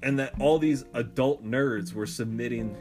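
A man's voice: medium pitch, normal speed, soft background music. A man casually telling a funny story on a podcast, acting out the voices of the people in it and laughing often. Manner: animated, acts out quoted voices loudly, laughs often. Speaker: podcast co-host.

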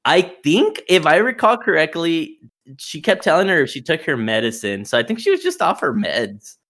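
A man's voice: fairly high pitch, huge pitch swings, normal speed, a bit bright, poor audio. A young man hosting a casual podcast over a voice call, telling a story with plenty of laughter and swearing. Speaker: podcast host. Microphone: remote call mic.

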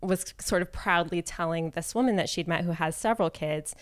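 A woman guest on a podcast, telling stories in a relaxed, soft-spoken way and laughing often. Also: on the low side, fairly quick, clear, resonant tone. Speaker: podcast guest, actress and comedian. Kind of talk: casual podcast chat.

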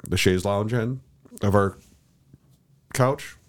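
A man's voice: on the low side, takes it slowly, a little hiss or hum. A man co-hosting a podcast, talking in a rambling casual way with many restarts and fillers. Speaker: podcast co-host. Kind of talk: casual chat.

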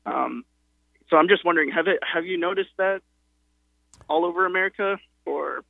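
Male caller, hesitant, full of ums, gravelly, tinny phone line. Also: on the high side, no echo. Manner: hesitant, many ums and pauses. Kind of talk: call-in radio talk.

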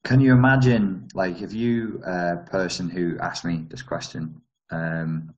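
A man's voice: low-pitched, fairly even intonation, measured pace, few pauses, dull audio. A man hosting a live stream, reading viewer comments and answering them in a rambling, self-interrupting way with wry asides.

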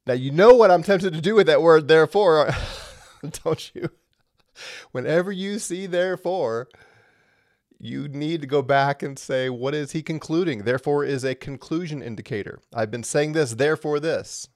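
A man teaching a livestreamed Bible lesson in a conversational, animated way, with frequent fillers and emphatic stresses. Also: fairly high pitch, normal speed, no echo, studio quality.

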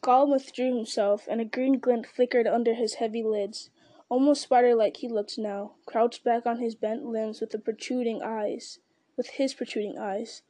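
A woman reads a story aloud in a measured, steady way. Her voice is mellow and warm, sitting slightly high. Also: dry recording. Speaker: narrator. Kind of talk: audiobook reading.

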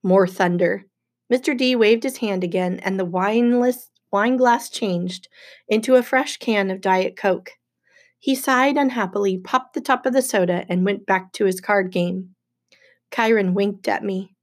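A woman's voice: mid-range voice, unhurried. Woman reading a novel aloud. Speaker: audiobook narrator. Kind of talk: first-person novel reading.

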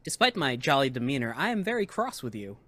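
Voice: mid-range voice, big pitch swings, fast, fairly bright tone. A player voicing a jolly but fussy male ship doctor with a prim, proper way of talking.

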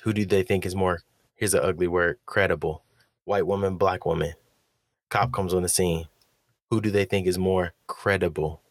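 A man's voice: low-pitched, dry recording, studio quality. A young man, a spoken-word poet, breaking down his own poem and telling a personal story, acting out the voices he quotes. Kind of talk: reflective commentary with personal storytelling.

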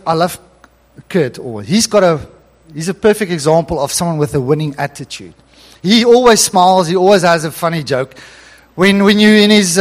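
A middle-aged man with a high voice delivers a sermon, animated and given to chuckling between scripture readings. The sound carries a long reverb from a church hall. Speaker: preacher.

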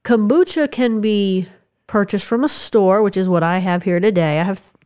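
A woman's voice: medium pitch, moderate pace, darkish tone, clean tone. A woman with a stuffed-up nose co-hosting a podcast, explaining things in an upbeat, casual way. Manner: explanatory, upbeat, laughing easily. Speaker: podcast co-host. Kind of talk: casual chat.

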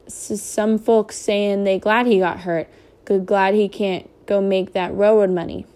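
A woman reads as a shy, hesitant farm boy who stammers over his words. The voice stays mellow and low with little rise and fall. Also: little pitch movement, normal speed, close to an everyday voice.

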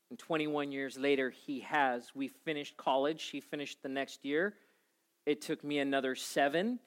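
A man in his forties preaching a sermon to a congregation, telling a personal story with animated swings in energy. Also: mid-range voice, normal speed. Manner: animated storytelling, acting out his own panic. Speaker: pastor.

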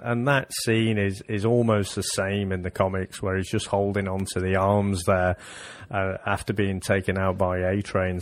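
A man co-hosting a TV review podcast, giving measured, thoughtful opinions. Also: on the low side. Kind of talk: casual review chat.

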